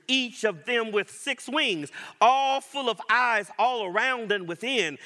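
Slow, bright-voiced male preacher. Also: high voice. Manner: emphatic preaching with repetition and rising declarations. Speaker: pastor. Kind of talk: sermon.

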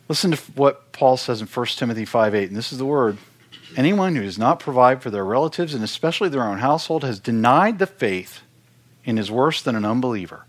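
A middle-aged man preaching in an earnest, conversational way, often doubling his words when he drives a point home. His voice sits at a medium pitch for a man. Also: expressive, fast. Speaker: worship ministry speaker. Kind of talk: sermon-style teaching talk.

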